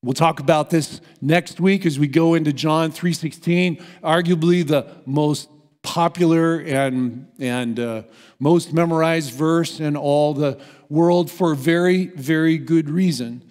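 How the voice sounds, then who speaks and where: A man's voice: a little high, unhurried, a little mellow. An American man preaching a sermon as pastor, earnest and emphatic as he tells a story. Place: church sanctuary. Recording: long hall reverb in a church.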